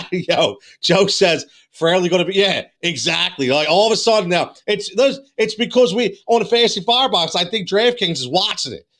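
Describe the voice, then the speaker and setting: A man with a slightly high voice hosting a live fantasy sports show. He talks in an excited, repetitive rush, full of fillers and restarts. He is losing his voice. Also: normal speed, hardly any pauses. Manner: excitable, repeats himself, many fillers and restarts. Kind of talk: excited live-stream chat.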